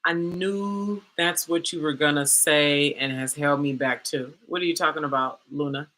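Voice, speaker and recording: A woman coach telling a candid personal story, animated and dramatic, with slangy asides like "girl" and "baby". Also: sits low, normal speed. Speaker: coach and host.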